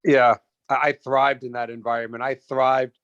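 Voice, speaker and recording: A middle-aged man telling stories in a casual interview, animated, with many restarts and repeated words. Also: mid-range voice, moderate pace, vocal fry, no echo, muffled recording. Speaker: restaurant founder and guest.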